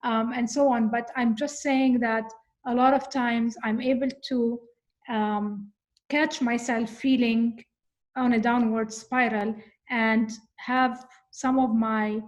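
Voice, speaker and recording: A woman with a somewhat high-pitched voice talks through her thoughts in an easygoing conversation. She is earnest and reflective, often stopping on little fillers as she searches for words. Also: steady tone, takes it slowly, highs cut off. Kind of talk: casual conversation about coping with anxiety.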